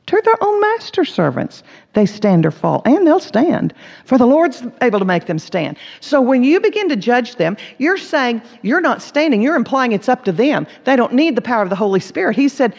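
A woman's voice: a little high, normal speed, creaky. A middle-aged woman teaching a Bible study, telling stories and acting out quotes with animation. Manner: animated storytelling, acts out quotes. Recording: dull reverberant hall sound.

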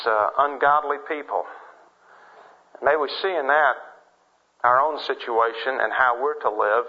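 A man preaching a sermon, reading scripture and then praying in a slow, measured way. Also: medium pitch, highs cut off. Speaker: pastor.

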